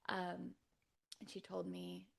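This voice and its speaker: A woman's voice: fairly low pitch, monotone, slow, creaky. A woman from California, a podcast guest telling her birth story in a casual, chatty way, often dropping to a near-whisper and laughing between lines full of "like". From California, USA. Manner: soft-spoken, often drops to a near-whisper; chatty, frequent "like" fillers and laughs.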